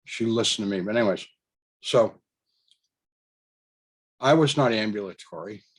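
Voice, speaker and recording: Here a man with a husky, fairly low voice shares a personal experience at a moderate pace. He wanders through the story with fillers and false starts, chuckling now and then between ideas.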